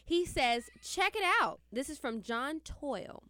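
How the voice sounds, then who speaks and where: A woman's voice: high voice, lively intonation, measured pace, a bit bright, dry recording. A woman co-hosting a podcast, talking bluntly and jokingly and swearing freely in casual chat. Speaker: podcast co-host.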